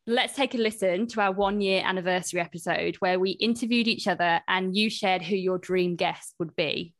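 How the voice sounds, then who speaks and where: A podcast co-host with a fairly low, fairly bright voice chats casually at normal speed. She reads out listener messages as she goes.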